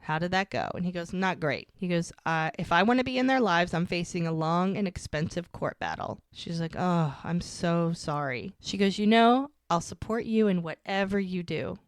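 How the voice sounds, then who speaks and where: A woman's voice: lowish voice, animated, normal speed, hardly any pauses, no echo, clean studio sound. A woman co-hosting a podcast, retelling a scene in casual chat and quoting the dialogue. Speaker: podcast co-host.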